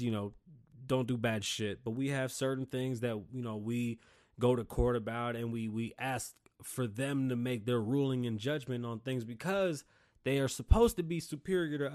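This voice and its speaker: A man hosting his own show, ranting casually in an animated, profane, rambling way. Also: mid-range voice. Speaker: show host.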